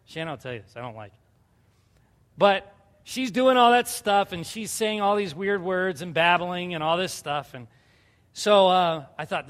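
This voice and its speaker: A high-pitched man in his thirties delivers an earnest, conversational sermon from the pulpit. He tells personal stories plainly, then rises into fervent appeals. His voice rings with a long reverb in a large church hall. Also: moderate pace, a bit bright. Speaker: pastor. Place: church sanctuary.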